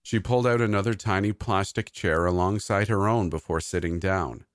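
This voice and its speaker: A man narrating a scripted horror story in a measured, even storytelling delivery. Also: deep voice, no room sound, studio quality.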